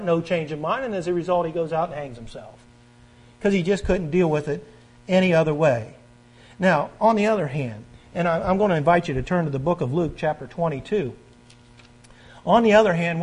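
A man preaches a sermon, reading scripture aloud and inviting the congregation to turn pages. He is emphatic, swinging between loud, forceful stresses and quiet, earnest lows. The recording is rough.

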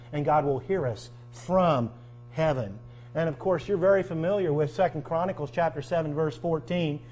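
A man's voice: on the high side, a little mellow. A man delivering a sermon, reading scripture aloud and asking emphatic rhetorical questions. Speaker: preacher.

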